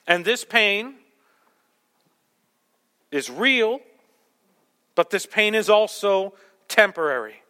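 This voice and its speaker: Male pastor, fairly high, bright voice, conversational sermon with jokes, long hall reverb. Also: sing-song, takes it slowly, long pauses. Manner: conversational, self-deprecating humor.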